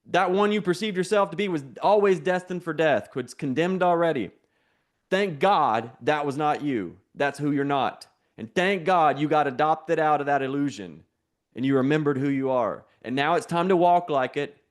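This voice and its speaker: A fairly high-pitched man preaching with energy and a conversational edge. He repeats his key phrases and has the listeners say them back to him. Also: moderate pace. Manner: call-and-response, repetitive. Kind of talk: sermon.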